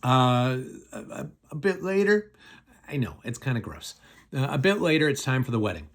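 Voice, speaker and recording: A man's voice: medium pitch, sing-song, moderate pace. A middle-aged man, a pastor, casually retelling a Bible story in a chatty, folksy way with many fillers.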